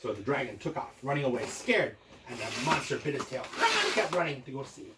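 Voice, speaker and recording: Dad spinning a lively bedtime story. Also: male voice, mid-range voice, brisk. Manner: meandering, playful. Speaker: father telling a bedtime story. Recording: roomy, distant, noisy home recording.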